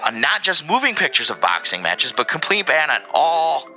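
Animated man reading history with jokes. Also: fairly high pitch, normal speed, faint music behind, low-quality recording. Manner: animated, reads facts with joking asides. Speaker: podcast co-host. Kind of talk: casual podcast history segment.

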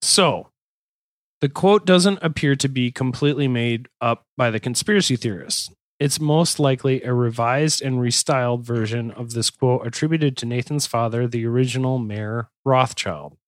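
A man's voice: mid-range voice, normal speed, no room sound, studio quality. A man hosting a podcast, chatting loosely and reading notes aloud with frequent restarts and jokes. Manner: rambling, joking, self-correcting restarts. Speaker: podcast host.

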